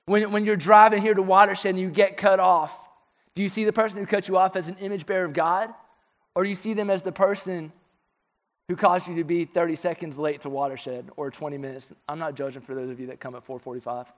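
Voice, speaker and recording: A young male pastor preaching with a slightly high voice. He tells stories earnestly, sinking soft and low for confessions and lifting for questions. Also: steady tone, brisk. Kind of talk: sermon.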